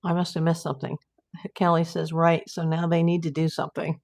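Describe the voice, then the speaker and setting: A woman's voice: low voice, level tone, a little fast, gravelly, darkish tone. A woman, a private investigator, hosting a casual live stream from home and chatting as she answers viewer comments aloud.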